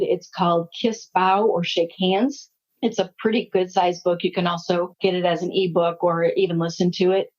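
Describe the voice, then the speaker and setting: A woman in her sixties, a leadership consultant, telling anecdotes in an interview and acting out the dialogue. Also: medium pitch. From United States. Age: 60s. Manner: anecdotal, animated, acts out quoted dialogue. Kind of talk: storytelling interview talk. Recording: slightly muffled audio.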